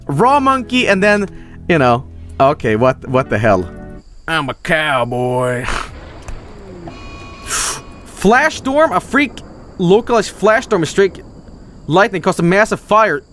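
A man streaming a game, talking casually and swinging between low mutters and loud exclamations. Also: big pitch swings, slow, long pauses, faint music behind. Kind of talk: livestream game commentary.

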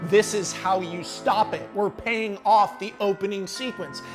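Man, casual storytelling, profane, animated, music behind. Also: high-pitched, unhurried. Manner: animated and profane, swinging from mutters to shouts. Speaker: channel host, screenwriter. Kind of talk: casual storytelling of a film pitch.

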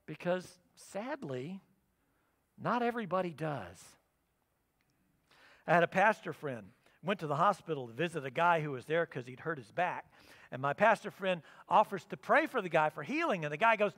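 A man preaching a sermon as pastor, telling the story with lively acted-out quotes. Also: high voice, normal speed, vocal fry. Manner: animated storytelling, acting out quotes. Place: church sanctuary. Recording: long reverb of a church hall.

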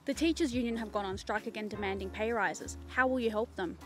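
A man playing a formal news reporter who asks questions in a quiet, measured tone. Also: sits high, soft background music.

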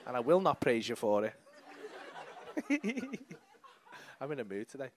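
A man's voice: mid-range voice, wildly swooping pitch, a little slow. A young man with a Liverpool accent doing stand-up crowd work on a comedy club stage, teasing audience members with brash, sweary banter into a handheld mic.

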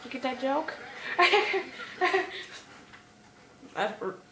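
A young woman giving casual gameplay commentary, excitable and quick to swear and yell at the game. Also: sits high, background noise. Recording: echoey room, far from the mic, music behind.

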